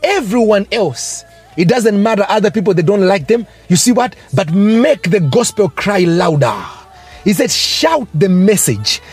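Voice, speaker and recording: A man's voice: sits high, expressive, measured pace, darkish tone, husky, soft background music. A man preaching a fervent sermon, breaking into tongues and rising exclamations.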